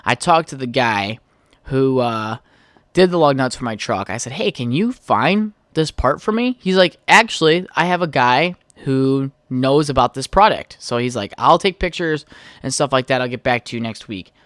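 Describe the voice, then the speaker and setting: A man's voice: medium pitch, lively intonation, moderate pace, fairly bright tone, no echo, clean studio sound. A young man hosting his own podcast, telling a heated, profane story in a casual rant. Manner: profane, heated storytelling, trails off while texting. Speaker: podcast host.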